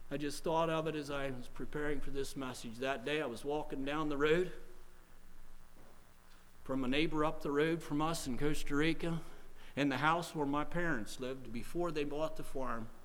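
A man preaching a sermon in a church, telling stories dramatically and swinging from hushed tones to loud outbursts. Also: fairly high pitch, steady tone, moderate pace, low-quality recording.

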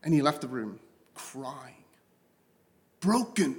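A man preaching a sermon to a congregation, impassioned and repetitive, often dropping to a soft, low voice. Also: animated, slow, long pauses.

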